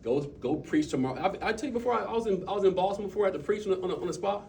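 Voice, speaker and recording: A man telling stories and coaching his team in an impromptu motivational talk, animated, with quick bursts and trailing asides. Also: high-pitched, gravelly, distant mic, a little hiss or hum. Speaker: speaker at a team meeting.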